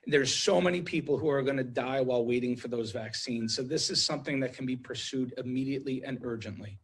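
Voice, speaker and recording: A man's voice: medium pitch, fast, a little hiss or hum. A man speaking as an intensive care doctor in a TV interview, urgent and emotional, repeating himself with many restarts. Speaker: ICU doctor guest.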